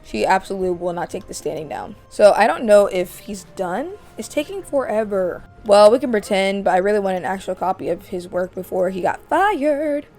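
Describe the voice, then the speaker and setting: A woman's voice: medium pitch, animated, normal speed, few pauses, a little mellow, soft background music. A woman casually narrating a life-simulation game in a chatty, amused way. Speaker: let's play narrator.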